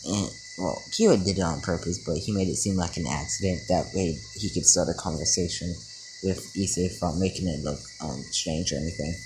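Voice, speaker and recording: A tired man with a very deep voice improvises a fan story, rambling through ums and restarts. He records outdoors at night, with crickets and insects chirping loudly behind him. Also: brisk, noisy background. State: tired, yawning. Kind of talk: improvised fan-fiction narration.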